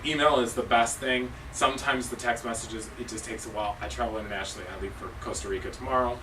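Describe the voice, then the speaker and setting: A man leads a staff training session, his tone casual and joking but emphatic. His voice sits at a middle pitch. The mic is well away from him, and steady background noise fills the room. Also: fast talker. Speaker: cheer coach and judge. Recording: distant mic with noisy background.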